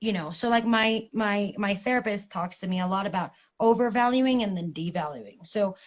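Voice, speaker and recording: A woman in her thirties, a guest speaking candidly and frankly over a remote video call, telling personal stories with animated, profane language. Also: mid-range voice, normal speed, lo-fi sound. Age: 30s. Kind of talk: candid conversational storytelling.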